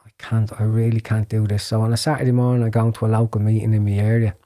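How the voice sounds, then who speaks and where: This is an Irish man with a lowish voice, telling his personal testimony as a podcast guest. His tone is dark and mellow, and he speaks earnestly. He stumbles over repeated words and sometimes drops to a hushed whisper. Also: level tone, fast. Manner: earnest storytelling, drops to a hushed whisper when recalling prayers; frequent repeated words and restarts.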